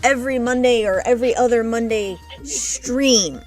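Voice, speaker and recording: A woman's voice: on the high side, moderate pace, faint music behind. Chatty Midwestern woman streamer. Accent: American Midwestern. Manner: chatty, thinks aloud. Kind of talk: casual chat while gaming.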